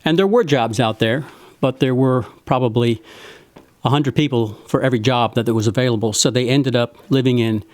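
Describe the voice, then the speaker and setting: A man's voice: medium pitch, normal speed, darkish tone, no room sound. A man hosting a virtual house concert, telling the stories behind his songs in a folksy, earnest way with some tongue-in-cheek humor. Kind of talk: spoken song introductions. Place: home, live-streamed concert.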